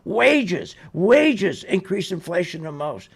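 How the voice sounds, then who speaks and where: A man's voice: sits high, very animated, takes it slowly, gravelly, husky. A man hosting a radio show, delivering sarcastic, ranting market commentary. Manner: ranting, sarcastic, mocks others in put-on voices.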